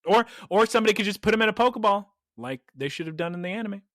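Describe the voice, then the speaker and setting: A man hosting a podcast, retelling an episode in a lively, animated way in casual chat. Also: high-pitched, very fast, no echo, clean studio sound. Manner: animated storytelling, voices quotes. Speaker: podcast host recapping an episode.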